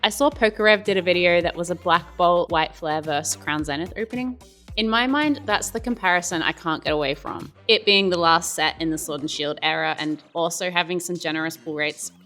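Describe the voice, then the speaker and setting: A woman's voice: on the low side, fairly quick, fairly bright tone, soft background music. A woman with an Australian accent, hosting a casual pack-opening video and musing about each card as she goes. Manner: chatty, musing, rates cards as she opens. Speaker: YouTube card-opening host.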